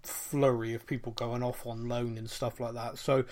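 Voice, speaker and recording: Relaxed man hosting a chat podcast. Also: mid-range voice, moderate pace. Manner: relaxed, brief agreeing replies. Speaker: podcast host. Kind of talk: casual chat.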